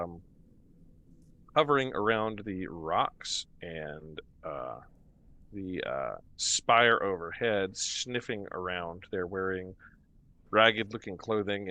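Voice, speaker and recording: A man narrating as game master of a tabletop game, slow and hesitant with many fillers. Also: low-pitched, sharp tone.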